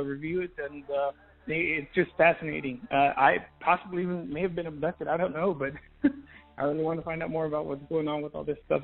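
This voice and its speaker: A man calling in to a radio show, hesitant and halting, full of fillers and restarts. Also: a little high. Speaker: caller. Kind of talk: call-in radio talk. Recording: tinny phone line with faint music.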